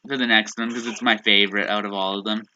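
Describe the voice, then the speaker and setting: A man's voice: on the low side, little pitch movement, quick pace, sharp tone, muffled recording, a little hiss or hum. A man giving casual, joking commentary while playing a video game. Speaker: gaming YouTuber. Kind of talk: let's play commentary.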